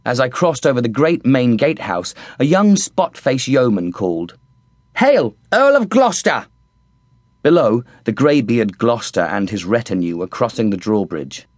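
A man narrates a comic first-person audiobook in a studio, his delivery cheeky and full of mocking wit. His pitch swings a lot, from low to high. The sound is close and dry. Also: animated, normal speed, hardly any pauses, a little mellow, no echo.

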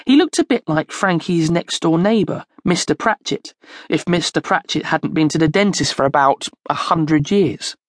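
A woman narrating a children's storybook in a slow, expressive storytelling manner, close to the mic. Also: low voice, dry recording. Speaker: audiobook narrator.

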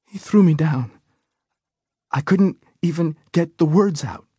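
A man's voice: fairly high pitch, lively intonation, a little slow, a little mellow, breathy edge, no room sound, clean studio sound, voice pushed up, full character voice. A man voicing a dazed, panicked young woman who stammers and halts breathlessly, in an audiobook.

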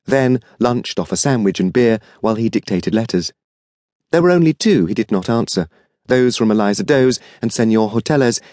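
Male audiobook narrator, expressive storytelling, lively intonation, dry studio sound. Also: medium pitch, moderate pace, no room sound. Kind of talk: scripted narration.

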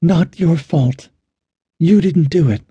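A man's voice: medium pitch, unhurried, warm tone, husky, no room sound, highs cut off, voice pushed up. A man voicing a tired young woman shaken by nightmares, talking with weary exasperation.

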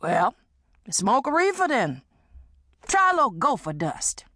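A woman's voice: fairly high pitch, sing-song, measured pace, sharp tone, dry recording, studio quality, heavily acted. A woman reading an audiobook and voicing a brash, hard-drinking woman who teases and schemes. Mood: teasing. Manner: teasing, bawdy, persuasive.

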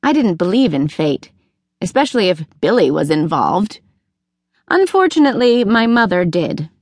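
A woman reading a novel aloud in first person, with measured, clear storytelling. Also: mid-range voice, very animated, dry recording, studio quality. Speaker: audiobook narrator. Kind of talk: scripted first-person narration.

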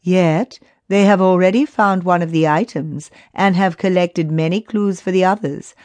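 Woman reading excited female council member, hopeful, lively. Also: on the low side, moderate pace, no echo, natural voice.

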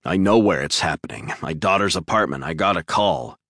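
A man's voice: deep voice, fairly quick, a bit bright, no echo, studio quality. A man voicing a retired detective urgently reporting his daughter in danger. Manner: urgent, clipped. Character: frantic retired male detective, worried father.

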